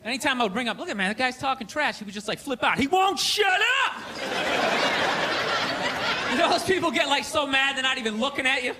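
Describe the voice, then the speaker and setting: A man doing a stand-up comedy set on a theater stage, ranting and mocking with loud shouted bursts. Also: extremely high pitch, expressive, fairly quick. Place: theater stage with live audience. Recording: live show with crowd noise.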